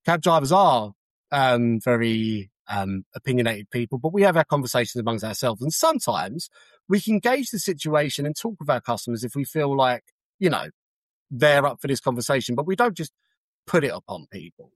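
A man, a cab driver telling lively anecdotes in a casual interview and acting out the shouts in his stories. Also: mid-range voice, moderate pace, no echo. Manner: animated storyteller who jumps to shouts when acting out scenes.

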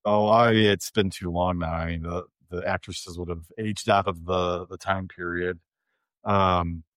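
A man hosting an interview, chatting in a relaxed way and asking questions. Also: on the low side, dry recording. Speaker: interviewer host. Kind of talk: casual interview.

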